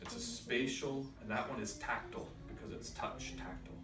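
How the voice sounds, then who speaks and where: A man's voice: mid-range voice, fairly even intonation, brisk, over music. A man teaching a church confirmation class, patiently explaining and quizzing his students. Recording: echoey room from far off.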